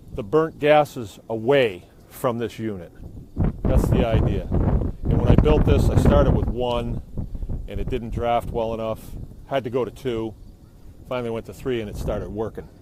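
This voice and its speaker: A man's voice: medium pitch, unhurried, background noise. Middle aged new guy rambling on his phone outside, easygoing and jokey, faint fire roar behind. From New England. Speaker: biochar maker streaming live. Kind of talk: casual live-stream demonstration. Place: outdoors beside a burning kiln. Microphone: phone held by the speaker.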